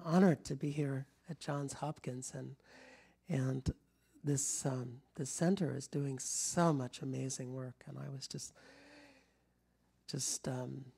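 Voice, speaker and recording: A fairly high-pitched, creaky and husky voice belongs to a middle-aged man from rural Kentucky who now speaks with a General American accent. Telling stories to a live audience in a lecture room, he rambles in a warm-hearted way, restarts often, chuckles and moves around.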